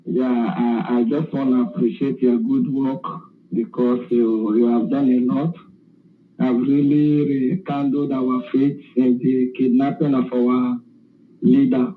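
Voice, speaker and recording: A man calling in, speaking in a measured, grateful way. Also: medium pitch, little pitch movement, a little hiss or hum. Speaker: caller. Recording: distant echoey phone line.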